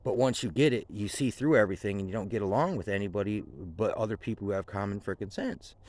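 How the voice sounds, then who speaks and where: A man's voice: on the low side, animated, fast, darkish tone. A man vlogging outdoors in the woods, rambling casually and swearing often, with many fillers. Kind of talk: casual outdoor vlog monologue.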